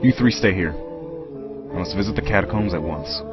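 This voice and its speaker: A man voicing a stern grown male guardian in a game playthrough, speaking in a grave, measured way. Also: fairly low pitch, sing-song. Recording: muffled capture with game music.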